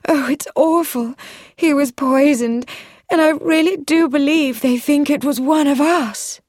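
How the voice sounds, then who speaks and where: A woman doing a soft, dramatic young widow. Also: measured pace, no echo, clean studio sound. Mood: distressed. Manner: breathy, emotional, high-strung.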